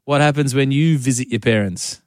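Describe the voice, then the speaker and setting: A man hosting a radio show, teasing and throwing in quick playful remarks. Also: medium pitch, dry recording, clean studio sound. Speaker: radio host. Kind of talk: casual radio banter.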